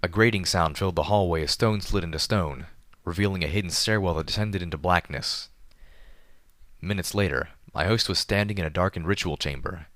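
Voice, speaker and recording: A man reading a story aloud in a steady, measured narration. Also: sits low, no echo, clean studio sound. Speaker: audiobook reader. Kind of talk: fan fiction audiobook narration.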